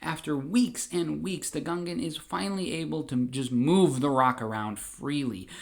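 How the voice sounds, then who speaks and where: A man narrating a comedic audio story in a brisk, deadpan way. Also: a little high, gravelly.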